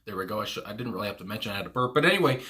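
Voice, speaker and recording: A man's voice: on the low side, lively intonation, very fast, pushed and bright. A young man hosting a casual music reaction, rambling with many fillers and restarts and laughing often. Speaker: music reaction channel host.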